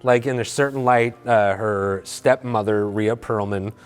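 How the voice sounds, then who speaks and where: A man's voice: fairly low pitch, steady tone, measured pace, clear, resonant tone, in a large hall. A man in his forties chatting about films in a casual comedy panel, rambling with hesitant fillers. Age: 40s. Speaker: film reviewer.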